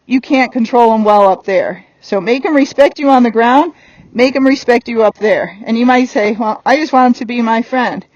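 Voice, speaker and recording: A woman's voice: sits high, a little mellow, dry recording, highs cut off. A woman horse trainer giving a hands-on lesson while working a horse on the ground, blunt and firm.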